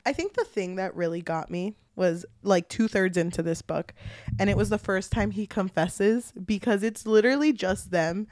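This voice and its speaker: A woman's voice: medium pitch, moderate pace, no echo, studio quality. A woman co-hosting a casual book podcast, retelling a plot with lots of swearing and fillers. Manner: animated retelling with frequent swearing. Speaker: podcast co-host.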